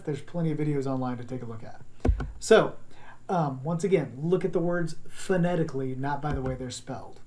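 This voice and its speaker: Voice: mid-range voice, darkish tone. A teacher giving a recorded class lesson on accents, talking in an encouraging, conversational way and showing sounds.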